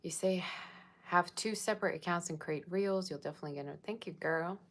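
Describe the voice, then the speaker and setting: A woman's voice: fairly low pitch, fairly quick, fairly bright tone. A woman tarot reader chatting casually on a livestream, reading viewer comments aloud and answering them. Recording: faint background noise.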